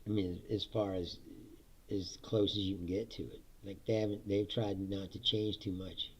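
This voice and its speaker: A man's voice: sits low, fairly even intonation, normal speed, slight background noise. A man hosting a casual, profane monologue, laughing often and mocking others in silly voices. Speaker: host.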